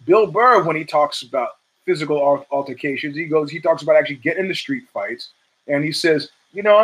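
Guy hosting his own show, rambling and swearing, kinda high voice, does the quotes even higher. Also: quick pace, low-quality recording. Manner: rambling, profane, with asides and restarts; acts out quotes in a raised pitch. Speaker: podcast host. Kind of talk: casual monologue.

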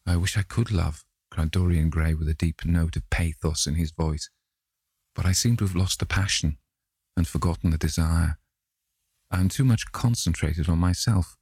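A man reading aloud and voicing a troubled, anxious young gentleman in a storybook reading. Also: sits low, fairly even intonation, moderate pace, slightly rough, no room sound, studio quality.

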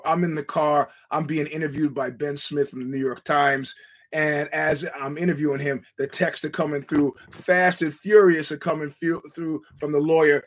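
A middle-aged man from the United States hosting a podcast, telling stories in a rambling, profane, laughing manner. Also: fairly high pitch. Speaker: podcast host. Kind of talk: casual monologue.

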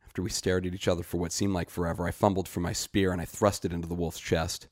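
A frightened, desperate young village man pleading earnestly, as a male reader voices him. The voice is very low and stays near the reader's own. It is a storybook reading with a dry, close sound. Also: little pitch movement, fast talker, a little mellow, dry recording.

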